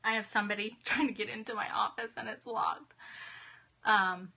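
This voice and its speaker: A woman's voice: medium pitch, fairly even intonation, moderate pace, vocal fry, bright, forceful tone. A woman in her thirties hosting a casual live stream from her home office, chatting and greeting viewers by name in a bubbly way. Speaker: livestream host.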